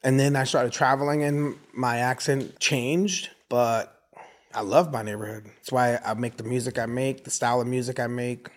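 His voice sits in the middle range and moves at a normal speed. He's a US man in his forties, a lively storyteller in a casual interview who performs the voices of his neighbors.

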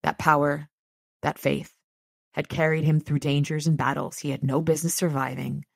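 A woman's voice: deep voice, flat delivery, normal speed, vocal fry, no room sound, clean studio sound. A woman hosting a podcast, reading a novel aloud and adding chatty, enthusiastic asides. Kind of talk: reading aloud with casual commentary.

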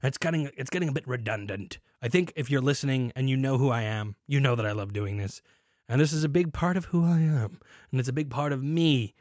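A young man hosting a casual beer podcast, jokey and animated, swinging into mock announcer bits. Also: medium pitch, fairly quick, no echo, studio quality. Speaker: podcast host.

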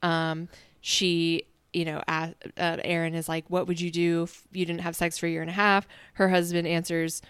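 Woman, late 30s, podcast co-host; low, smooth voice, dry close sound, chatty with frequent laughs. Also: level tone, moderate pace, a bit bright, dry recording. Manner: chatty, laughs often, quotes others in asides. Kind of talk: casual recap chat.

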